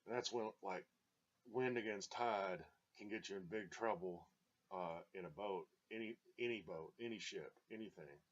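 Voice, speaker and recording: Low-pitched man, casual rambling storyteller, lo-fi. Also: normal speed. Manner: rambling, many fillers, chuckles. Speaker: storyteller reminiscing.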